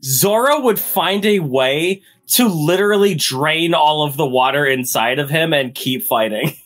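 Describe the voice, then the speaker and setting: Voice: mid-range voice, animated, a little slow, fairly bright tone. Teasing co-host with a mid-range voice. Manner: teasing, laughing, dry quips. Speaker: podcast co-host. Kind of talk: casual podcast chat.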